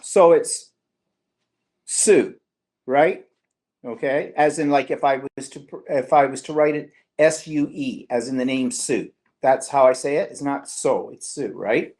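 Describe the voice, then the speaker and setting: A man's voice: medium pitch, unhurried, a little mellow. A middle-aged Canadian man hosting a live-stream vlog, chatting and teasing in a rambling way. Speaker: vlog host.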